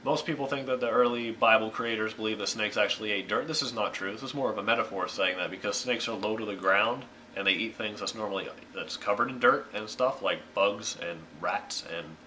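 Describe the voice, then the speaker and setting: A man's voice: fairly low pitch, pushed and bright, slight background noise, low-quality recording. A young man reading Bible verses aloud, then explaining them in a jokey, irreverent style full of slang. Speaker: YouTube Bible reader and explainer. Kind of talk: Bible reading and casual comic commentary.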